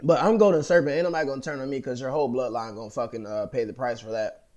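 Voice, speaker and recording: A man's voice: medium pitch, rapid-fire, darkish tone, muffled recording. An American man vlogging in a rambling, profane monologue, full of fillers and restarts. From United States.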